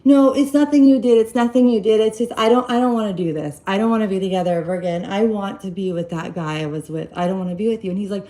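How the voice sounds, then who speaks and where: A woman casually telling a personal story to her live-stream viewers, rambling and animated, acting out quoted dialogue. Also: medium pitch, quick pace, few pauses, poor audio. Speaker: live-stream host giving relationship advice.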